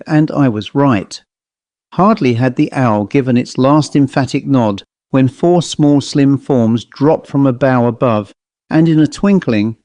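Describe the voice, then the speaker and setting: A man reading a ghost story aloud in a measured storytelling delivery. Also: medium pitch, darkish tone, dry recording. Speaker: narrator. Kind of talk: audiobook narration of a ghost story.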